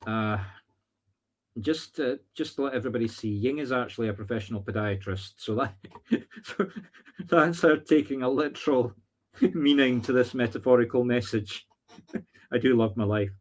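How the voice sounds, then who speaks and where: A man's voice: mid-range voice, normal speed, pauses often. Chatty Scottish man giving psychic readings. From Scotland. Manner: chatty, thinks aloud, teasing asides. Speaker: spiritual medium. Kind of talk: live-streamed psychic readings.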